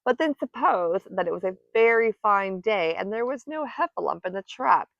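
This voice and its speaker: A woman reading a classic children's story aloud in a gentle, cozy bedtime style. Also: mid-range voice, normal speed, creaky, dry recording. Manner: soft, cozy, expressive. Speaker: storytime reader. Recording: dull lo-fi dry recording.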